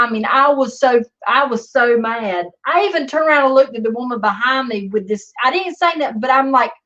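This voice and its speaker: A woman's voice: a little high, animated, normal speed, fairly bright tone. A woman telling a story in a rambling, sarcastic way and swearing often, in a slightly dull lo-fi recording. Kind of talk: casual storytelling vlog.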